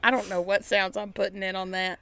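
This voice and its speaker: A woman's voice: mid-range voice, level tone, brisk, vocal fry, fairly bright tone, clean tone. A woman co-hosting a podcast in casual chat, talking a lot, laughing often and swearing casually, recording from a small home closet on a laptop. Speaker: podcast co-host. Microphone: laptop setup on a fold-out table.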